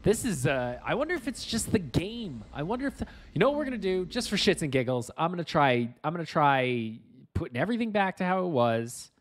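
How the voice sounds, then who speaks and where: A man's voice: on the high side, big pitch swings, a little fast, hardly any pauses. A man chatting casually to viewers on a live stream as he fixes his game setup, frustrated and self-mocking, muttering to himself.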